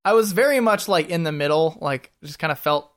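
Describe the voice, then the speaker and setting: A man chats on a podcast, circling his thoughts with lots of "like"s and restarts. His voice is fairly high for a man. It comes through smooth and clear. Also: animated, brisk, a bit bright. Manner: hesitant, many "like"s and restarts. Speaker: podcast co-host. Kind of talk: casual chat.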